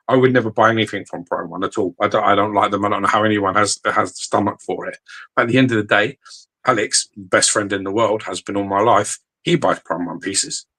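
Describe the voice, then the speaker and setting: A man co-hosting a podcast in casual chat, blunt and animated, swearing freely. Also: on the low side, husky. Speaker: podcast co-host. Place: podcast studio.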